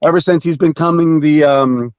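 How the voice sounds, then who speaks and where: Man, guest, casual comics chat, halting, filler-heavy, chuckling, lo-fi video call audio, dead dry sound. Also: a little high, fairly even intonation, a little mellow, clear, resonant tone, no room sound.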